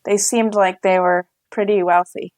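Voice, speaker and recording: A woman in an easygoing podcast chat, speaking at a middling pitch. She talks frankly and strings thoughts together with plenty of "like". The recording is dry and close, with no room sound. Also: steady tone, normal speed, a little mellow, no echo. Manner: chatty, frank, many filler likes. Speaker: podcast co-host. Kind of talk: casual chat.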